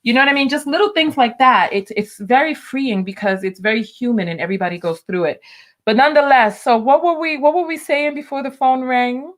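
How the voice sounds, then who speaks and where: A woman's voice: high-pitched, fairly quick. A woman hosting a casual livestream, chatting and laughing as she talks straight to her viewers and reads their comments aloud. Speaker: host.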